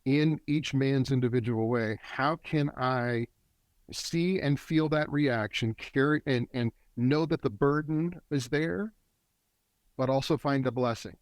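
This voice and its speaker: A man's voice: medium pitch, dry recording. Earnest middle-aged man teaching. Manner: earnest, teaching tone that speeds up and slows down. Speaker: guest, men's work facilitator. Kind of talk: reflective interview talk. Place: a warm, quiet spot with a generator running nearby.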